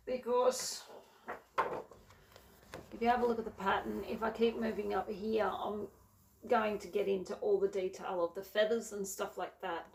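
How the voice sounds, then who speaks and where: Recorded from a distance in a roomy space with slight background noise, a woman shows off her cross-stitch projects in casual chat. Her medium-pitched, darkish, creaky voice is fairly even and measured, with long pauses, and she rambles, self-corrects and leans heavily on fillers.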